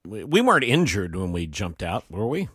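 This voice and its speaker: A man's voice: fairly low pitch, big pitch swings, normal speed, a bit bright, slightly rough, dry recording, studio quality. A man playing a tabletop game who asks practical questions in a casual way. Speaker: player.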